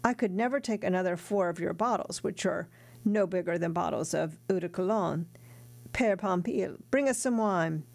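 A woman's voice: fairly low pitch, normal speed, vocal fry, darkish tone. A woman voicing a coarse, drunk male friend with slurred speech. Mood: boastful.

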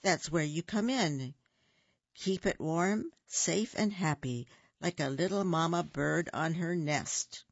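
A woman voicing a fast-talking, sly salesman fox with a pushy sales pitch, read for a children's storybook. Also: vocal fry, no echo, lo-fi sound, exaggerated voice. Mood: salesy.

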